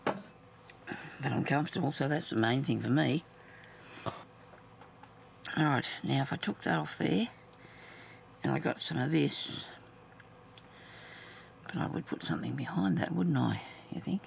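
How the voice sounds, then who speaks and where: A woman who makes craft videos, chatting casually to herself while she sews and mumbling, with her voice often dropping into soft half-whispers. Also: extremely low pitch, a little slow, gravelly, pauses often, slight background noise. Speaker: craft vlogger. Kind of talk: casual talk while stitching.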